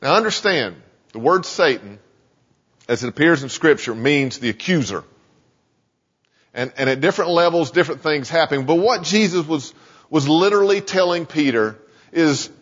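A man preaching a sermon in a conversational, animated way, in a church sanctuary. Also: on the high side, normal speed. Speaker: pastor. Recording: dull lo-fi sound in a reverberant hall.

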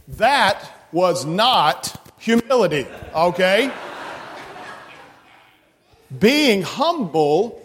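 A man with a high voice gives a children's message in a church sanctuary, slow and coaxing, playful with the kids. Long church reverb trails each phrase. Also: noisy background. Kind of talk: children's sermon.

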